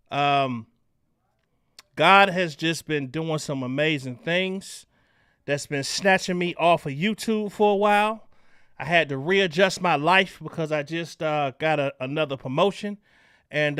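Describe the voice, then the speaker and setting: A man hosting a casual livestream chat, loud and animated as he greets viewers. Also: on the high side, unhurried, clean tone, no echo, clean studio sound. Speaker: livestream host.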